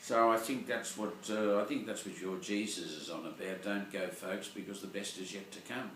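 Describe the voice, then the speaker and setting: Rambling older priest in an echoey room. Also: male voice, fairly low pitch, fairly even intonation, moderate pace, fairly bright tone, distant mic, slight background noise. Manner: rambling and digressive, searching for words. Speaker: Catholic priest. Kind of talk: informal Sunday reflection.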